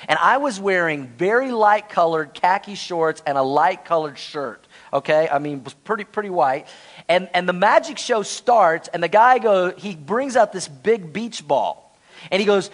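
A man's voice: sits high, lively intonation, normal speed. A man preaching a sermon as pastor, telling a funny personal story with lots of energy and joking asides.

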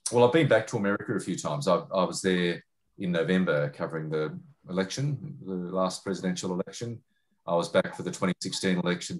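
Deep-voiced middle-aged Australian male journalist, interview answers, halting with fillers. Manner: hesitant, many fillers and restarts. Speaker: journalist and foreign correspondent.

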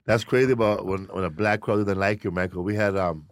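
A man's voice: on the low side, brisk, no echo, clean studio sound. A man hosting a podcast, chatting casually and chiming in with reactions. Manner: relaxed, swears casually, chimes in with reactions. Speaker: podcast host.

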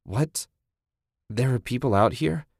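A man's voice: takes it slowly, gravelly, darkish tone, no room sound. A man voicing a frightened young woman who shrieks and wails in fear. She sounds frantic and close to tears. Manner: frantic, shrill and tearful. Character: terrified young woman in a monster attack.

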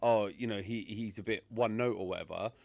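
A man's voice: fairly low pitch, fairly quick, vocal fry, a little mellow, dry recording. A man co-hosting a casual film review chat, emphatic and repeating phrases for stress. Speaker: podcast co-host.

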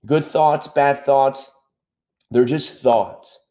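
A man's voice: medium pitch, extremely slow, mellow. A man hosting a motivational self-help podcast, speaking earnestly, repeating key points and checking in with the listener. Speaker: podcast host.

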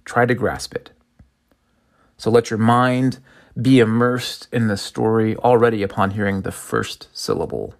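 Man, pastor, sermon, reflective, rhetorical questions, low and gravelly.

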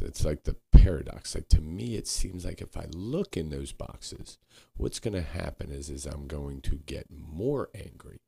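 A man co-hosting a podcast, talking earnestly and haltingly, searching for words and swearing now and then. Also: rumbling low, creaky, mellow, slightly rough. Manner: frequent swearing. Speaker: podcast co-host. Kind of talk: candid reflective conversation.

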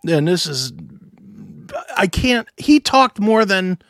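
A man co-hosting a show, telling a story in casual chat, animated and swearing, acting out other voices. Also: sits high, slow, dry recording, clean studio sound. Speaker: podcast co-host.

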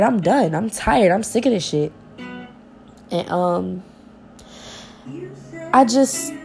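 A woman's voice: medium pitch, creaky, dark tone. A young woman, talking to her viewers in a personal vlog, heartfelt and informal, often repeating herself as she searches for words, close to tears at times.

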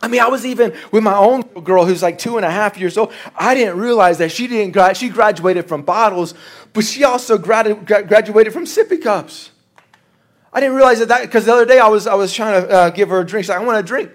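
A man preaching a sermon in a folksy, animated way, acting out the lines he quotes. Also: high-pitched, brisk. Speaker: pastor.

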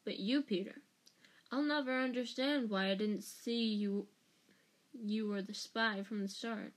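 A woman's voice: a little high, steady tone, unhurried, lightly acted. Woman doing a menacing escaped prisoner, growled, hissed, venomous, storybook reading. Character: bitter escaped male prisoner wizard, menacing.

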